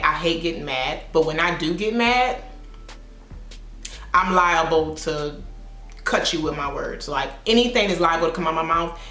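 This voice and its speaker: A woman hair stylist telling a story at home in a sassy, blunt, animated way. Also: low voice. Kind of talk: casual storytime vlog. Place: her home. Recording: echoey room with faint music.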